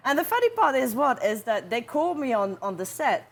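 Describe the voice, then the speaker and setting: Animated woman telling stories as a guest. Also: high-pitched, brisk. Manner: animated storyteller, laughing often. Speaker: guest actress and model. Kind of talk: casual interview chat.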